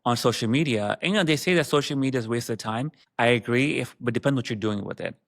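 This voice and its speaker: A man's voice: medium pitch, fast, creaky, fairly bright tone. A man, a business founder and guest, telling his personal story in an interview with emotion, often restarting his sentences.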